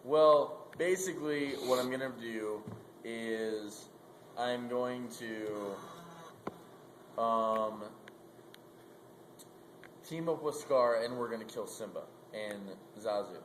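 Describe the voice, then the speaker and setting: A man's voice: mid-range voice, slow, pauses often, a little hiss or hum, lightly acted. A guy telling it as a scheming hotheaded animal. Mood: plotting. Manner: blunt, casual slangy talk. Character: scheming hot-tempered male animal with wooden leg. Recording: roomy echo.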